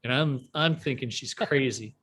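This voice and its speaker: A man in his forties from a small Midwestern town, telling a rambling, animated story as an interview guest, full of fillers and restarts. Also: medium pitch, moderate pace, slightly rough. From US Midwest, small town near Chicago. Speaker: guest entrepreneur.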